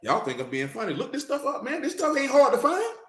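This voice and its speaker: A man's voice: very high-pitched, huge pitch swings, fairly quick, a bit bright. A man preaching in a casual, blunt way, with profanity and jokes mixed into his teaching. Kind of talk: casual sermon-style teaching. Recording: roomy echo.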